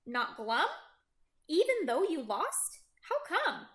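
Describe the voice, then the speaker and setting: A woman's voice: high voice, very animated, slow pace, a bit bright, voice pushed up, full character voice. Woman doing a peppy boastful girl race car. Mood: curious. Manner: bubbly, boastful, pleading. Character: eager fast female red race car. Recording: roomy echo.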